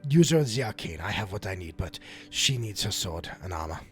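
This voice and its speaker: Guy doing an earnest male spellcaster in a tabletop game, halting, lively up and down, faint music behind. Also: deep voice, voice pushed down. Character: earnest male arcane caster, practical.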